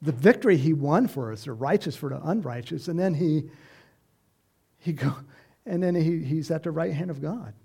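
A middle-aged man preaching an informal sermon, animated and chatty, acting out voices and chuckling as he speaks to the congregation. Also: on the high side, moderate pace, creaky, husky. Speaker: pastor.

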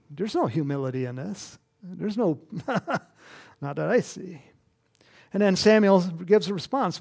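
A man's voice: high-pitched, animated, measured pace, creaky, warm tone. A male preacher delivering a sermon and reading scripture, talking animatedly with frequent chuckles and rhetorical questions.

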